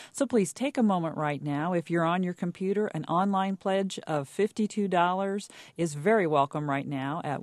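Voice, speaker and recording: Low-voiced woman making a pledge appeal. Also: no room sound. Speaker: public radio pledge drive host. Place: radio studio. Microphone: studio mic.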